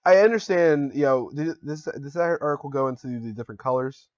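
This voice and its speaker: A man co-hosting a casual gaming news chat, telling stories quickly and acting out quotes. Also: a little high, highs cut off. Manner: rapid, animated storytelling with acted-out quotes. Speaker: co-host.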